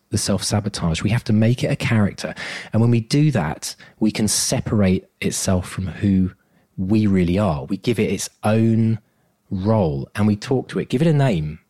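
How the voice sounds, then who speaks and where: Earnest low-voiced man coaching. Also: warm tone. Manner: motivational, earnest, laughs often. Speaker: podcast co-host and coach. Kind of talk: casual chat.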